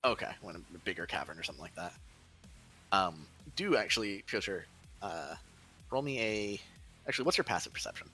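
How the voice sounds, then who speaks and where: A man's voice: sits low, lively intonation, brisk, bright, forceful tone, slightly rough, soft background music. A man narrating as game master of a tabletop role-playing game, describing scenes loosely with many fillers.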